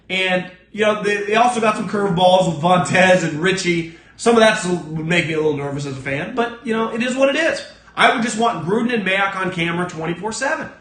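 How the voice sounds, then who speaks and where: A man's voice: fairly bright tone, echoey room. A man hosting a sports podcast alone, giving blunt, profane, emphatic opinions. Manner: acts out other people's lines in a lower voice. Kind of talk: solo opinion rant.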